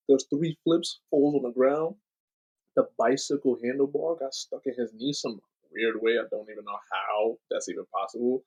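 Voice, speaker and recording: A man's voice: medium pitch, darkish tone, breathy edge, lo-fi sound. A young man co-hosting a casual livestream chat, blunt and teasing, bossing his co-host around.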